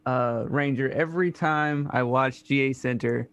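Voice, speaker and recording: A man on a casual live-stream panel who keeps cracking quick jokes. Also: mid-range voice, fairly bright tone, dry recording.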